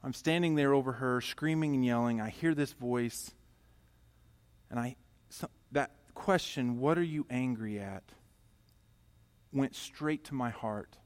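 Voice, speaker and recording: A middle-aged pastor preaching a sermon, telling a personal story and moving from loud emphatic passages to quiet, intimate ones. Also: male voice, medium pitch, measured pace, clean tone.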